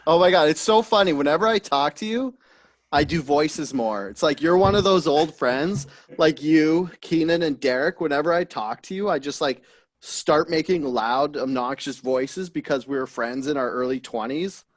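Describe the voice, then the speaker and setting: A man hosting a podcast in an energetic, joking, playful way. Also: on the high side, normal speed. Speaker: podcast host. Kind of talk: casual podcast chat.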